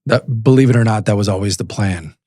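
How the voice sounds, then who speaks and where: A middle-aged man with a husky voice speaks in an interview and tells his story with lively energy. He acts out the people in it, and the sound is dry and close. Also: fairly low pitch, a little fast, dry recording. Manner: animated storyteller who acts out phone calls. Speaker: guest, prisoner advocate.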